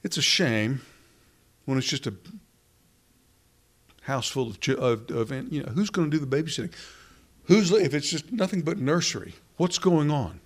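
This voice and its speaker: A man's voice: on the high side, expressive, moderate pace, pauses often. A middle-aged man preaching a sermon, talking through scripture in a conversational way and putting questions to his congregation.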